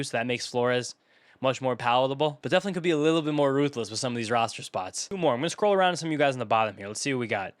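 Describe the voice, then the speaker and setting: A young man hosting his own channel, casually commentating as he grades viewers' fantasy baseball teams, riffing quickly through lists of player names. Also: mid-range voice, fairly bright tone, smooth, dry recording, clean studio sound. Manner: rapid, chatty, riffing off a list of names.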